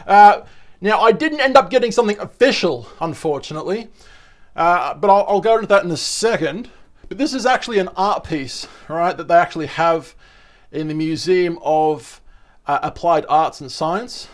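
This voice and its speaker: A man's voice: sits high, animated, normal speed. A man, chatting casually to camera in a rambling, enthusiastic vlog. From Australia. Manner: rambling, chatty, with restarts and asides. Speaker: vlogger.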